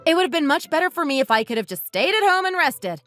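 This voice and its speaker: A woman's voice: high voice, sing-song, fast talker, fairly bright tone, soft background music. A woman voicing a bitter, resentful wife who bluntly accuses her husband and wants a divorce. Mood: accusing. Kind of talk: text-message story dramatization.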